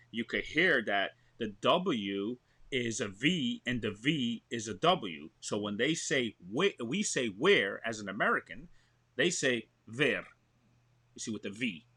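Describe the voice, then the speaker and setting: A man, an actor talking excitedly in a remote interview, full of "you know what I mean". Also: mid-range voice, breathy edge. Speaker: actor and show host, guest. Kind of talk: animated conversational interview.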